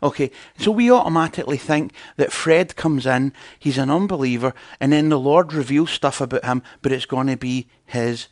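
A man's voice: medium pitch, normal speed, few pauses, no room sound, studio quality. A man preaching in a conversational teaching style, chatting and putting questions to his audience.

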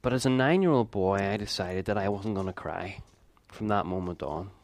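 A man in his fifties preaching a sermon, telling a personal story in an earnest way with quick laughs and asides. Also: sits low, darkish tone.

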